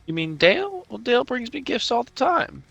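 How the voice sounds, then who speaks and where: A man's voice: very high voice, very animated, brisk, vocal fry, a bit bright, no room sound, faint music behind, pitched above the performer's own voice, heavily acted. A man doing a doting, sweet-voiced lady. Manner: doting, calls people dear and honey. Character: sweet-talking woman fresh from the bath. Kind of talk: tabletop role-play voice acting.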